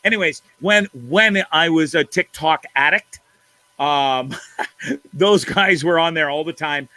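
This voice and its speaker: A man's voice: on the high side, slow, sharp tone, dry recording. A man hosting a live online show, casually commenting on viral videos in a profane, laughing, rambling way at a computer mic.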